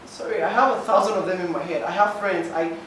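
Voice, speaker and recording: A man's voice: high-pitched, quick pace, a bit bright. A man speaking emotionally at a public forum, pleading his case to the room. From Nigeria. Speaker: forum participant. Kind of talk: impassioned public comment. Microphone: handheld mic. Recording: echoey hall, distant mic, noisy.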